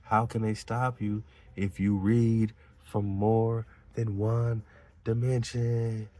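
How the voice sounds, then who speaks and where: A man's voice: lowish voice, warm tone. A man hosting a talk show, reading aloud and commenting in a preachy, emphatic way with slangy asides. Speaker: podcast host.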